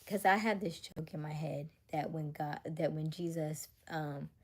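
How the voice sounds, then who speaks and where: A woman with a low, husky voice hosts a casual livestream, musing aloud in a chatty way. Her tone is dark and mellow. Now and then she drops to a soft near-whisper to read comments aloud. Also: measured pace. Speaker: livestream host.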